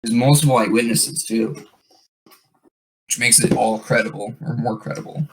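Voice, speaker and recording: A man's voice: medium pitch, steady tone, normal speed, background noise. A man hosting a podcast, telling a story in a rambling casual way with many fillers and restarts. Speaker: podcast host.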